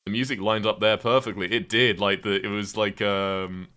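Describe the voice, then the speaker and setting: A man's voice: lowish voice, steady tone, moderate pace, bright, forceful tone, clear, resonant tone. A man from the UK, streaming a game and chatting casually with viewers, swearing now and then as he answers their questions. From United Kingdom. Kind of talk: casual live-stream chat while gaming.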